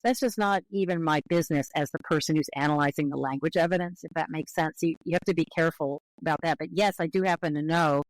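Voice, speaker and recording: A woman's voice: deep voice, quick pace, hardly any pauses, no echo, rough recording. Woman linguist explaining, dry close mic. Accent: American English. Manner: clear, explanatory, careful qualifications. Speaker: guest linguist. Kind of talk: podcast interview, explaining.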